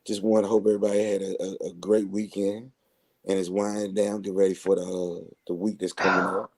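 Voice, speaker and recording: A man's voice: low voice, flat delivery, a little fast, a little mellow. A man hosting a laid-back online talk show, teasing his co-hosts in playful casual chat. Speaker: host.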